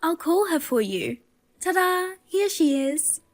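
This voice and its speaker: A woman's voice: very high voice, expressive, slow pace, dry recording, exaggerated voice. A woman voicing a pregnant young wife who teases and taunts her cheating husband in a dubbed drama. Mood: taunting. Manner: teasing, taunting.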